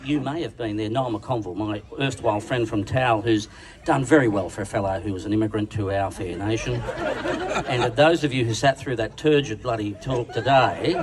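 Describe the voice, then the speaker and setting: An Australian man delivers a crude, bawdy roast into a stage microphone, mocking himself as much as his target. His voice sounds set back from the mic, and a loud dinner crowd laughs and roars around him. His pitch sits in an ordinary middle range. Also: distant mic. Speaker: roast speaker. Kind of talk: stand-up roast speech at a dinner. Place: large function room at a dinner event.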